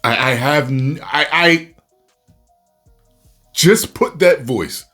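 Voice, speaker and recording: A man reviewing a movie in a casual video rant, animated and breaking into loud exasperated outbursts. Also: a little high, slow, soft background music.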